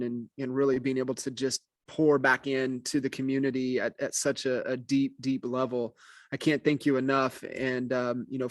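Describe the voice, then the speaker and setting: A man's voice: medium pitch, no room sound. Effusive male podcast host, dry sound. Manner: effusive with many fillers. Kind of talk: conversational interview.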